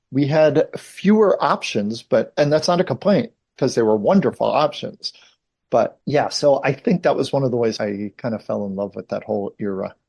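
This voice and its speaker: A man's voice: mid-range voice, a little mellow. A man in his fifties, an actor being interviewed, telling long anecdotes in a casual, chatty way full of asides. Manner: rambling anecdotal storyteller, many asides.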